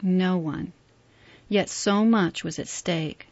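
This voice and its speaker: A woman narrates a story aloud in a steady, measured voice. The recording sounds dry and slightly muffled, a plain lo-fi capture. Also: lowish voice, dry recording. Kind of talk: audiobook narration.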